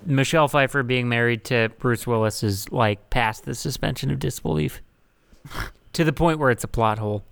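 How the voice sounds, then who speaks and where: A man's voice: mid-range voice, moderate pace, creaky, a bit bright, clear, resonant tone. A man hosting a casual movie podcast, rambling and joking with many fillers. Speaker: podcast host.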